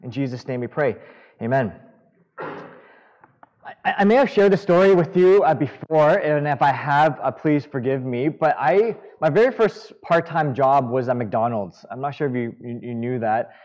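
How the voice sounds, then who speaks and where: A man preaching a sermon, earnest and halting, with self-deprecating humor. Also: fairly high pitch, a little mellow, lo-fi sound. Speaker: pastor.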